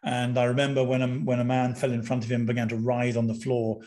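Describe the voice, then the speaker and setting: An older British man, appearing as a guest on a podcast, recounts a personal story with animated intensity, often restarting his sentences. His pitch sits in the middle range and he talks fast.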